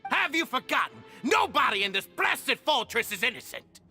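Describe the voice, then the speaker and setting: A furious Southern tyrant boss. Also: male voice, extremely high pitch, sing-song, normal speed, pushed and bright, faint music behind, heavily acted. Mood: ranting. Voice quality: snarling, theatrical, ranting. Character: cruel male prison gang boss, furious tyrant. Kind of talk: game voice acting.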